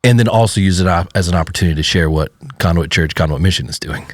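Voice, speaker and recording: Low-pitched man co-hosting, teasing. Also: quick pace, no room sound, clean studio sound. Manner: amused, teasing reactions. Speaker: podcast co-host. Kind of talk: casual chat.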